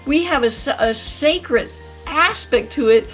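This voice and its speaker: Higher-voiced middle-aged woman hosting. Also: animated, a little slow, soft background music. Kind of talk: casual podcast talk.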